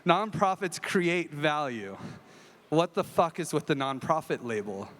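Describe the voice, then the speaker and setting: A man's voice: a little high, big pitch swings, unhurried, fairly bright tone. A man introducing himself as a judge on a stage, talking in an emphatic, blunt way. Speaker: judge on a panel. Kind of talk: panel self-introduction. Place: large conference hall stage. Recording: reverberant large hall.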